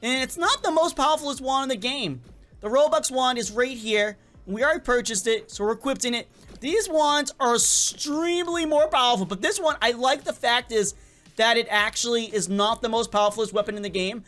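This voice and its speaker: A man giving casual, excitable gameplay commentary as a gaming channel host, often stumbling and repeating words. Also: very high-pitched, a little fast, soft background music. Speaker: gaming YouTuber.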